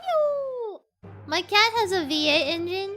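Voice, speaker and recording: Woman streamer, very high voice, slow easy pace, casual chat with viewers, faint game music behind. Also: expressive, sharp tone. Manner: chatty, reacts to chat and the game.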